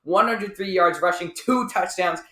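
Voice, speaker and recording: A man co-hosting a sports podcast, reading out stats and joking around in an excitable way. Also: high voice. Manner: excitable, joking, quick to laugh. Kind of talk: casual sports analysis chat. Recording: echoey room.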